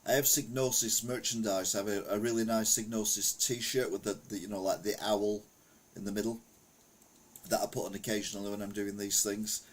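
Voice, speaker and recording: Husky-voiced man rambling on a live stream. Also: lowish voice, fairly even intonation, brisk. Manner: rambling anecdotal storytelling, reads chat aloud. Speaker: retro gaming streamer. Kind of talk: casual live-stream chat.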